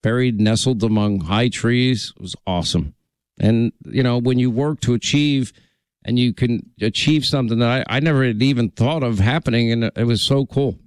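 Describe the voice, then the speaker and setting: A man's voice: mid-range voice, normal speed, smooth, no echo. A man hosting a call-in radio talk show, chatting with callers in a friendly, rambling way.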